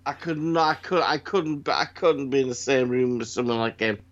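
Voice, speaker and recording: A man's voice: mid-range voice, normal speed, muffled recording. A man in casual chat, sweary and enthusiastic, often restarting his words.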